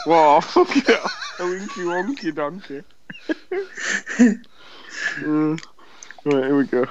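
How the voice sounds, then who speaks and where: A man's voice: fairly high pitch, wildly swooping pitch, takes it slowly, long pauses, muffled recording. A man co-hosting a podcast with a sore throat, reading aloud in casual chat and laughing as he stumbles over the words. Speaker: podcast co-host.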